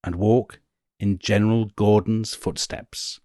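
A man co-hosting a history conversation, reading verse aloud with amusement and often trailing off quietly. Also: on the low side, steady tone, slow, no echo, studio quality. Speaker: podcast co-host.

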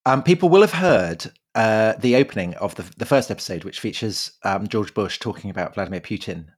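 A man trades quick, jokey remarks as he co-hosts a podcast. His voice is slightly husky, and his pitch swings widely as he talks. He sounds animated and chatty throughout. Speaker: podcast co-host. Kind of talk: casual chat.

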